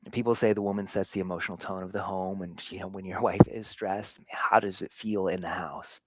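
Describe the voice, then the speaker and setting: Guy w a lowish voice giving an earnest dad pep talk, goes quiet then punchy, dry close sound. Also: fairly even intonation, brisk, slightly rough, no room sound. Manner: earnest, swings between hushed and emphatic. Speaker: show host. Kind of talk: motivational talk on fatherhood.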